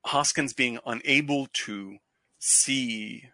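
Bright-toned male podcast host, animated and self-deprecating, dry close mic. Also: medium pitch, slow pace, no echo. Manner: animated, self-deprecating, laughing, stumbles and restarts. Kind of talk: casual chat about film.

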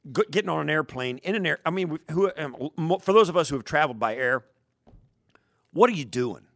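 A middle-aged man co-hosting a sports radio show, telling rambling, animated stories in casual chat. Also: on the high side, brisk, gravelly, no echo.

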